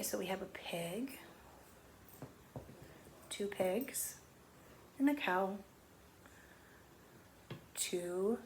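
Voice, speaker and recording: A woman teacher giving a remote lesson to young children, counting slowly in a gentle, sing-song, encouraging way. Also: medium pitch, a little hiss or hum.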